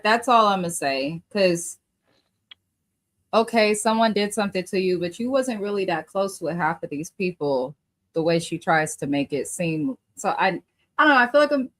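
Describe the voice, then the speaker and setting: A woman's voice: on the low side, fairly bright tone. A woman co-hosting a casual reality TV recap, giving blunt, opinionated takes in casual slang. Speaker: co-host.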